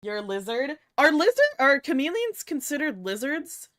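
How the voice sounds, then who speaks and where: A woman's voice: high-pitched, very animated, normal speed, fairly bright tone, no echo, clean studio sound. A young woman VTuber chatting casually with her viewers, playful and giggly, teasing them and swearing often, a little tired. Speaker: VTuber streamer. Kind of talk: casual livestream chat with viewers.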